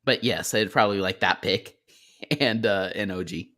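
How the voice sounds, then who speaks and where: Lower-voiced jokey podcast co-host man. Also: moderate pace. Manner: animated, jokey, laughs at his own points. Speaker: podcast co-host reading the live chat. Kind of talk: casual sports podcast chat.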